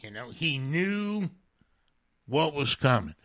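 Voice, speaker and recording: A man's voice: fairly high pitch, very animated, slow, a bit bright, dry recording, clean studio sound. A man co-hosting a radio talk show, rambling through stories and chuckling as he talks. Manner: rambling, storytelling, laughs mid-sentence. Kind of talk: casual sports and TV chat.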